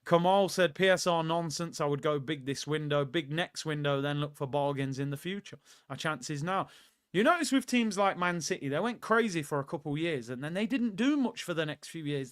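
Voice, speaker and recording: A young man with a smooth, fairly high voice runs a football watchalong stream. He reads out chat comments and shouts out supporters in lively, slang-filled banter. His voice is recorded close and dry. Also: brisk, no room sound. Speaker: livestream host.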